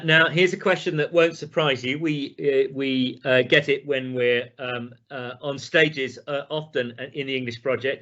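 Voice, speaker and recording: Bright-voiced male Q&A moderator. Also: medium pitch. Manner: brisk, reading questions aloud. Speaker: moderator reading audience questions. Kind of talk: hosting a Q&A. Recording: dull lo-fi livestream audio.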